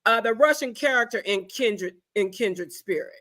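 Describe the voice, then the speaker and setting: A woman's voice: on the high side, animated, normal speed, fairly bright tone. A woman hosting a casual interview, chatty and effusive. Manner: chatty, effusive, says y'all. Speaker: talk show host.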